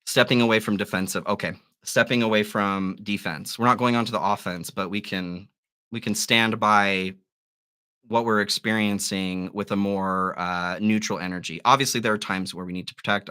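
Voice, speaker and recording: A man with a bright, forceful tone hosts a live tarot stream. He muses over each card aloud and encourages his listeners gently. His voice sits on the lower side. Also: fairly even intonation, normal speed, smooth. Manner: musing, gently encouraging, with soft laughs. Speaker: tarot reader.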